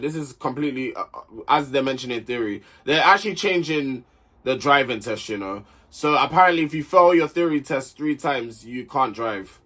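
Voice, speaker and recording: A young man giving an opinionated, animated, casual commentary on a reality show, often repeating himself for emphasis. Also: medium pitch. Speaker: reality show recap host.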